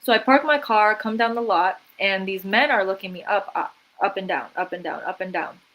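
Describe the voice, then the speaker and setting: A woman's voice: mid-range voice, brisk, a bit bright, low-quality recording. A woman guest on a livestream interview, retelling events vividly and dramatically, quoting her own thoughts. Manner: vivid, dramatic retelling with quoted inner voices. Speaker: guest, artist and author.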